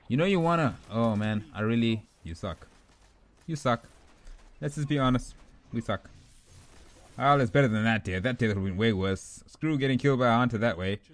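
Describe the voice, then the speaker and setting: A young man giving rambling, excitable commentary over his own gameplay, trash-talking opponents and himself. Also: mid-range voice, brisk. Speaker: gaming YouTuber.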